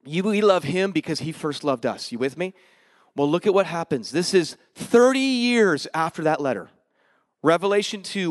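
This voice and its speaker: Preaching in a strikingly high voice, this pastor shares his personal testimony, moving from loud, excited outbursts to quiet, hushed passages. His delivery is casual and sprinkled with slang. The sound is close and dry, with no room sound at all.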